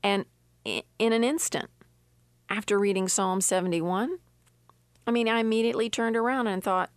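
A woman's voice: medium pitch, moderate pace, long pauses, no echo, studio quality. An older woman with an earnest, emphatic manner, reading scripture and giving a personal devotional testimony. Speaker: devotional speaker.

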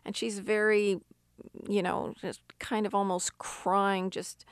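A woman preacher giving a sermon, telling stories in an unhurried way with emphatic rises. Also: mid-range voice, little pitch movement, clear, resonant tone, dry recording, studio quality.

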